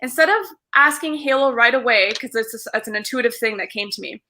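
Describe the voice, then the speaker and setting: A woman's voice: a little high, a little fast, sharp tone, a little hiss or hum. A woman co-hosting a casual spiritual chat as a tarot student, chatty and searching for her words.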